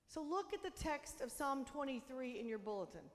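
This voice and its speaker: A woman pastor preaching a sermon, swinging between loud emphatic declarations and soft, hushed lines. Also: high voice, sing-song, moderate pace. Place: church sanctuary. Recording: long church reverb.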